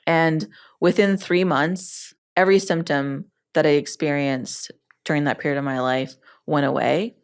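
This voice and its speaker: A woman hosting her own show, telling a personal story in a lively way with laughs and quoted dialogue. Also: low voice, measured pace, clean tone. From Egyptian family background. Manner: lively, animated retelling with laughs and acted-out quotes.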